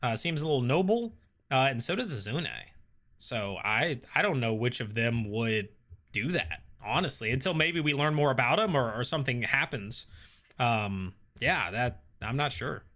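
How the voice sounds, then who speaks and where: A man with a bright, clear voice hosts a relaxed live stream. He reads viewer comments aloud and answers them in an easy, thinking-aloud way, full of ums and uhs. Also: mid-range voice, normal speed. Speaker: host reading live chat. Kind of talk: casual live-stream chat.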